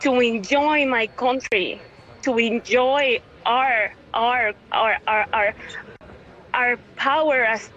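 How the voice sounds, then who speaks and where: A woman's voice: a little high, fairly bright tone, muffled recording. A woman, calling into an interview, tearful and overwhelmed, stumbling over repeated words. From Venezuela. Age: 30s. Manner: halting, many restarts and repeated words. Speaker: caller, local witness. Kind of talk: emotional phone interview.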